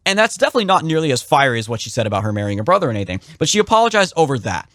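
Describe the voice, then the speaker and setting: A young man talking quickly on a political podcast, his pitch leaping up and down as he drives home opinions. The sound is dry and close, with no room around him. He slips into the voices of people he quotes. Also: no echo. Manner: animated, opinionated, swings pitch sharply for emphasis. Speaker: podcast co-host. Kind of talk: casual political podcast chat.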